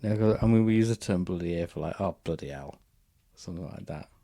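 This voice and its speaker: A man hosts a casual podcast chat, rambling through anecdotes. His voice sits very low and sounds warm and dark. The recording is close and dry. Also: fairly even intonation, fast talker, vocal fry, no echo. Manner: rambling anecdotes, frequent restarts. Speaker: podcast host.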